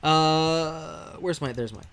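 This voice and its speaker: A man from Texas chats to his stream viewers while he plays a game, with a voice that sits a little high. He rambles through a story, restarting sentences and filling gaps with "uh" and "like." He chuckles now and then as he talks. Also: slow, fairly bright tone, a little hiss or hum. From Texas, USA.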